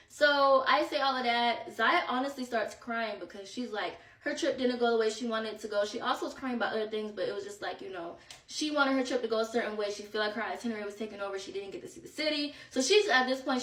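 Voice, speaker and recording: Young woman host, casual slangy storyteller, higher pitch, echoey room sound. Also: fairly bright tone, distant mic. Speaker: podcast host. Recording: roomy echo, set back from mic.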